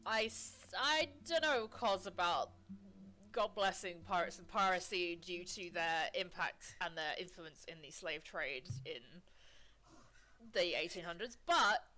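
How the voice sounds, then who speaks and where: A woman's voice: lowish voice, unhurried, faint music behind. A woman co-hosting a let's play, chatting in a giggly, rambling way full of "like"s. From United Kingdom. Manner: animated, giggly, rambling with many "like"s. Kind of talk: casual chat over gameplay.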